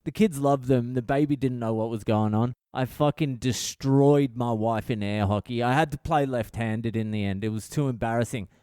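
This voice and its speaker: A man's voice: mid-range voice, normal speed, hardly any pauses, mellow, clear, resonant tone, no room sound, clean studio sound. A man in his thirties from Australia, a comedian hosting his own podcast, telling a story in a rambling, exasperated way and swearing constantly. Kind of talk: comic storytelling monologue.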